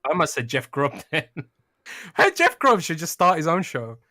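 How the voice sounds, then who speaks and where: A man with a bright, slightly high voice, co-hosting a gaming podcast in a jokey, easy-laughing way. His sentences often trail off quietly, on a dry, close recording. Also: wildly swooping pitch, moderate pace, no echo. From United Kingdom. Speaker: podcast co-host, games writer. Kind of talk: casual podcast chat.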